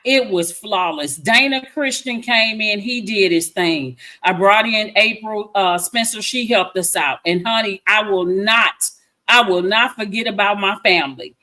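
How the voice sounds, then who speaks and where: A woman's voice: mid-range voice, measured pace, pushed and bright. A woman, chatting effusively as a filmmaker guest and repeating herself for emphasis. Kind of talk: casual interview chat.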